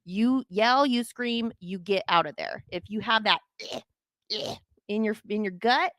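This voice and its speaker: A woman's voice: mid-range voice, a little slow, a bit bright, no room sound. A woman hosting a podcast, telling a story in casual chat, laughing often and acting out the voices she quotes. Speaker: podcast host.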